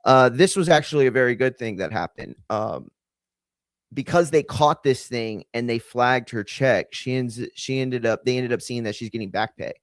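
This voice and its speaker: A man hosting a podcast, telling a long story in a casual, profane, animated and digressive way. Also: mid-range voice, no room sound. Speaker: podcast host.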